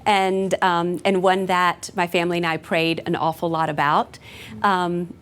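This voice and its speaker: Woman, forties, school principal, earnest and reflective, lowish pitch, interview answers. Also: little pitch movement, a little slow, fairly bright tone. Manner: earnest, reflective, many fillers. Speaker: new high school principal.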